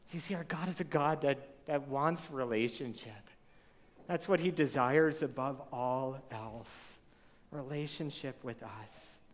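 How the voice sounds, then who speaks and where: Conversational pastor preaching in a reverberant hall. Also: male voice, medium pitch, a little slow, a little hiss or hum. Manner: conversational, asks the audience rhetorical questions. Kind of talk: sermon. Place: church hall with a live congregation. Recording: long reverb of a large hall.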